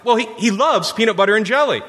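A man delivering a sermon in a church sanctuary, with a bright, forceful voice and a slightly high pitch. He tells his story with playful energy, putting on kids' voices. His words ring out with a long hall reverb behind them. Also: animated, fast talker. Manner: storytelling with playful camper impressions. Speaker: pastor.

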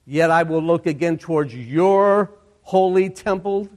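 Slow, high-voiced male preacher. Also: a little mellow. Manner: slow, deliberate reading of scripture with emphatic repetition. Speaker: pastor. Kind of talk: sermon.

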